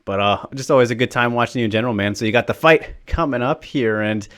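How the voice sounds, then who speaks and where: A man interviewing a fighter, easygoing, with short agreeing replies and relaxed questions. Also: medium pitch, fast, dry recording, clean studio sound. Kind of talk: casual interview chat.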